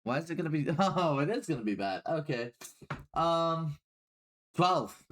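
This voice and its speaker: A man in casual tabletop role-play, playful and quick to laugh. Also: a little high, slight background noise. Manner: playful, laughs often, animated. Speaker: player.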